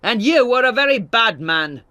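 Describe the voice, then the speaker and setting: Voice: lively intonation, slow pace, bright, forceful tone, no room sound, heavily acted. A narrator putting on a fierce old miller, then dying. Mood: furious. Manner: lowered voice, fading to a weak whisper. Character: hot-tempered older male miller, a father.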